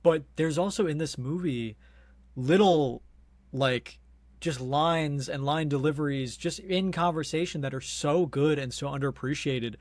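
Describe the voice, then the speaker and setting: A man's voice: fairly high pitch, measured pace, darkish tone, no room sound. A young man co-hosting a film podcast, enthusiastic and laughing as he swears through favorite scenes. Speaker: podcast co-host. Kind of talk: casual film review chat.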